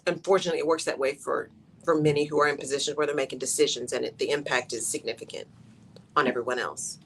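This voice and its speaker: A woman's voice: extremely low pitch, steady tone, fast, gravelly, a little hiss or hum. A woman hosting a talk radio show, speaking in an emphatic monologue that repeats its key phrases and keeps checking in with "right?".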